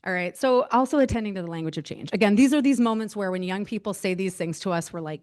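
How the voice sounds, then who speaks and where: A woman's voice: medium pitch, fast talker, hardly any pauses, darkish tone. A woman presenter giving a casual training talk, chatty, with frequent fillers and self-deprecating asides. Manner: chatty, many fillers, laughs at herself.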